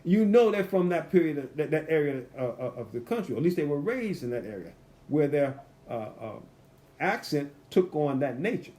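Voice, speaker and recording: A man leading a Bible study commentary in a conversational way, reading scripture slowly and acting out quotes in little voices. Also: fairly high pitch, very animated, warm tone. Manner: reads scripture slowly and deliberately. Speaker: Bible teacher.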